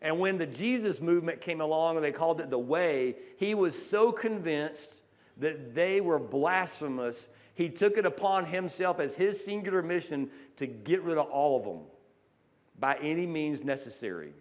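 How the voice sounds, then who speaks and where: Man, middle-aged pastor, sermon, fairly high voice, chatty delivery with low quiet drops. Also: lively intonation, normal speed. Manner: conversational preaching, voices imagined speakers, drops low to stress a point. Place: church.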